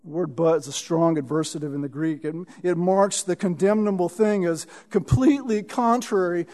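Pastor, male, high-pitched voice, emphatic sermon delivery with repeated words. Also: normal speed, few pauses, warm tone. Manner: emphatic, repeats words when building a point.

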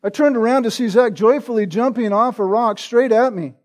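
A man preaching an expository sermon, earnest and deliberate, who often checks in with a rhetorical "right?" and repeats words for emphasis. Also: very high voice. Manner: earnest, rhetorical, frequent "right?" tag questions; slow and deliberate with emphatic repetition. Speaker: pastor.

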